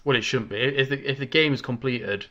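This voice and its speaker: A man hosting a casual gaming podcast, talking in an excitable, chatty, rambling way into a desk microphone. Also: medium pitch, a little fast, lo-fi sound. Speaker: podcast host.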